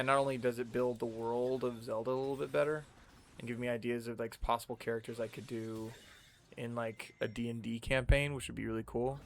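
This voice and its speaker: A man's voice: medium pitch, gravelly, fairly bright tone, a little hiss or hum. A man giving casual, rambling commentary while streaming a video game, laid-back and full of fillers and slang.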